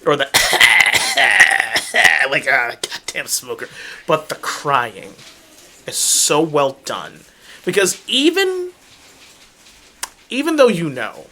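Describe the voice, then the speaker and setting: A man co-hosting a casual podcast, talking emphatically and excitably with plenty of swearing. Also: on the high side, slow pace, pauses often, a little hiss or hum. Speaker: podcast co-host.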